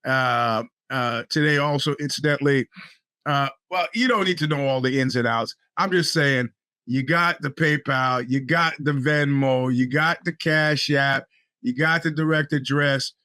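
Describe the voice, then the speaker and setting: A man's voice: medium pitch, a little slow, pushed and bright, no room sound. A man hosting his podcast in casual, rambling talk with wry, profane asides, his speech a bit off from a bitten tongue. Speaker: podcast host.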